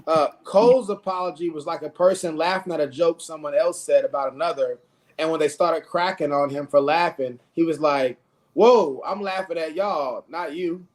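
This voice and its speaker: A man co-hosting a casual podcast debate, animated and pressing his point with rhetorical questions. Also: on the high side, brisk. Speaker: podcast co-host. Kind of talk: casual debate among friends.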